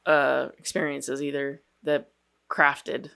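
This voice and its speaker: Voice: medium pitch, flat delivery, slow, gravelly, pushed and bright, clear, resonant tone. Casual podcast co-host, dry and teasing, reads copy plainly. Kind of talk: casual podcast chat, reading a bio aloud.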